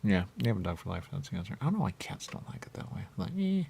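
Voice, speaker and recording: A man's voice: lowish voice, sing-song, quick pace, gravelly, a little mellow, slightly rough. A man hosting a radio show, rambling comically and repeating himself, often breaking into silly voices.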